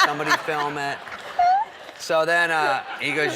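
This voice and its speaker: Animated man telling comic stories. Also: fairly high pitch, fast, very noisy. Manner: animated, acts out quoted voices. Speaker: guest comedian. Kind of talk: comic storytelling on a talk show.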